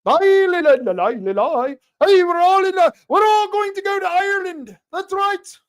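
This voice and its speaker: A man's voice: extremely high pitch, expressive, moderate pace, pitched above the performer's own voice. A man putting on a jolly mock-Irish man with a sing-song, mocking lilt. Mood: mocking, merry.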